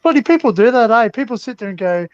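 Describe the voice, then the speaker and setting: Host, male, high voice, jokey and loose with swearing, dry dull lo-fi sound. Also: animated, fast, smooth. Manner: jokey, swears casually, laughs often. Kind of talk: casual after-show chat. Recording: slightly muffled lo-fi audio.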